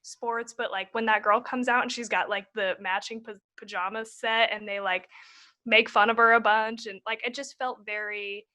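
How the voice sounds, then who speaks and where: A woman's voice: fairly high pitch, steady tone, normal speed, sharp tone. A woman co-hosting a podcast, chatting casually about a film with a lot of "like.". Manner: casual, filler-heavy talk with lots of "like". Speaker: podcast co-host. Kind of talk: casual chat reviewing a film.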